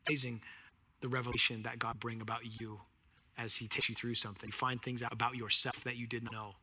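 A man preaching a sermon, animated and earnest, acting out scenes and slowing down for scripture. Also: medium pitch, slightly rough.

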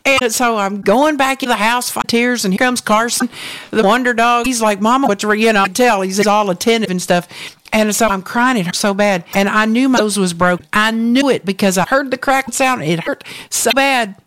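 A woman, co-hosting a faith talk show and telling a personal testimony in an animated, storytelling way. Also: fairly high pitch, brisk, no room sound. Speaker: co-host.

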